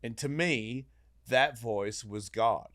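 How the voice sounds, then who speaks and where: A man's voice: medium pitch, slow. A man telling a long personal story in casual podcast chat, swearing freely and acting out the voices in it. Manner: animated, swearing, acts out voices in his story. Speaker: podcast guest.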